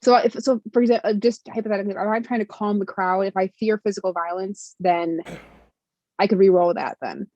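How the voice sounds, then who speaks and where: A woman playing a tabletop role-playing game, asking rule questions in a hesitant, halting way. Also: mid-range voice, fairly even intonation, darkish tone, no echo, lo-fi sound. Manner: hesitant, laughs, asks rules questions. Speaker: player. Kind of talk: casual tabletop play.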